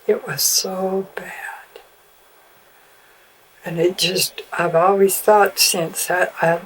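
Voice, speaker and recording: Slow, low-voiced older woman. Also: a little hiss or hum, low-quality recording. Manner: slow and halting, trailing off. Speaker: mother recalling family memories. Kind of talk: casual family storytelling.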